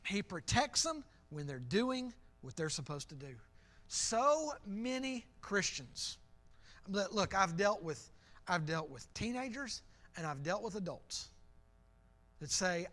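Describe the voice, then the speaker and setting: A middle-aged male pastor gives an evening sermon in church. His voice sits high for a man, and he talks to the room in an earnest, conversational way, often repeating phrases for weight. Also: sing-song, slow, a bit bright.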